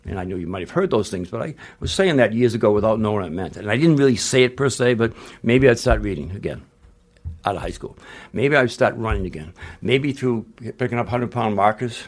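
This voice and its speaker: A man's voice: fairly low pitch, lively intonation, fast talker. An older man, a retired basketball coach, telling stories in a casual interview, blunt and rambling, with frequent restarts and salty language.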